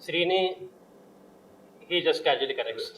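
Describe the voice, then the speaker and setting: A man's voice: a little high, animated, moderate pace, a bit bright, rough recording. A man with an Indian English accent, a film director, giving short, plain interview answers and switching into Telugu.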